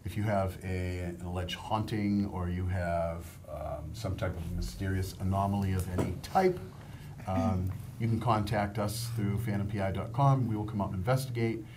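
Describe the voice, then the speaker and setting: A man talking as a producer and director, a guest on a studio talk show, joking and pausing often to restart his sentences. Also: low voice, fairly even intonation, noisy background. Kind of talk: casual chat.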